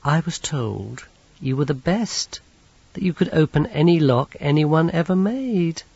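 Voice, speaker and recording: A man's voice: on the high side, lively intonation, a little slow, creaky, dark tone, slightly rough, no echo, pitched above the performer's own voice, heavily acted. A man voicing a polite, coldly menacing young man who speaks with precise, mocking courtesy. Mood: silky menace. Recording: dull, lo-fi audiobook recording.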